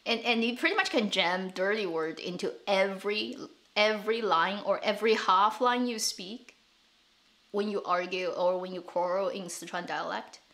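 A woman's voice: medium pitch, normal speed, a bit bright. A woman, chatting casually on her live stream, laughing often and repeating words as she thinks. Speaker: streamer and show host.

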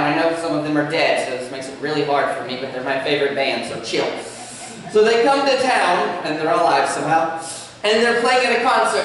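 A man preaching a sermon as pastor, animated, with light humor in his storytelling. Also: high-pitched. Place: church sanctuary. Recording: echoey church, speaker far from mic.

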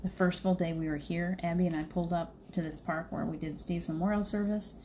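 A woman's voice: fairly low pitch, steady tone, fairly quick, darkish tone, a little hiss or hum. A middle-aged woman hosting a livestream, telling a spiritual story in a chatty way and laughing often. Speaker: livestream host. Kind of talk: casual spiritual chat.

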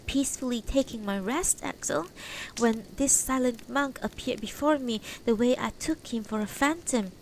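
Woman voicing a gentle elderly wife, raised pitch, soft, storybook. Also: moderate pace, a little hiss or hum, close to an everyday voice, low-quality recording. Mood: calm.

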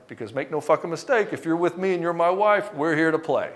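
A man's voice: fairly high pitch, fast, hardly any pauses. A man giving a motivational coaching talk to husbands, blunt and emphatic with plenty of swearing, sometimes acting out quoted lines of dialogue. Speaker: relationship coach.

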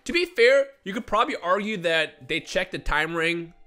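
A young man giving casual, joking commentary on a game he is playing, with sudden loud outbursts and slang. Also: high-pitched, expressive, normal speed. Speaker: gaming video creator. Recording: voice over game music.

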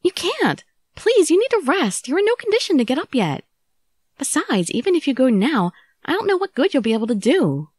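A woman voicing an earnest young heroine who pleads in a high, urgent voice. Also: big pitch swings, moderate pace, darkish tone, no echo, clean studio sound. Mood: pleading.

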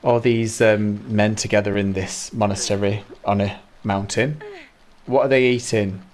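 A man streaming a video game live, reacting loudly, laughing and teasing his chat as he plays. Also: fairly low pitch, fairly even intonation, measured pace. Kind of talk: live gameplay commentary, reading chat. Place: indoor room.

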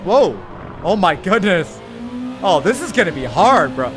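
A man's voice: high voice, faint music behind. A man hurriedly commenting on a live racing game stream and chatting with his viewers. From United States. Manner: hurried, excitable, chats with viewers.

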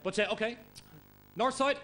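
Loud swearing stand-up comedian. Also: male voice, extremely high pitch, normal speed. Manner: loud, energetic, swearing, mimics accents. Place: comedy club stage before audience. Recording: noisy live club recording.

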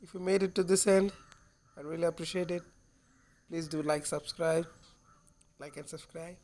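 A man's voice: on the high side, steady tone, normal speed, darkish tone. A man hosting a gaming channel, giving gameplay commentary while he swears, vents his frustration and apologizes to viewers. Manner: frustrated, swearing, venting openly.

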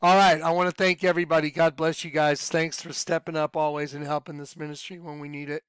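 A man giving an informal, rambling video sermon to his followers, excitable and laughing at his own points. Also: fairly high pitch, quick pace, smooth, no room sound. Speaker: online preacher.

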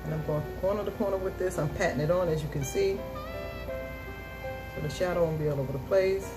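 A woman's voice: lowish voice, brisk, poor audio. Chatty woman doing a makeup tutorial. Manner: exuberant, repeats catchphrases. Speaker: beauty vlogger. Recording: music playing behind her.

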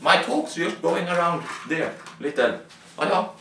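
A young man doing an improvised comic monologue, rambling and exclaiming to himself in halting English. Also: on the high side, animated, gravelly, a bit bright, a little hiss or hum. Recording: roomy, from far off the mic.

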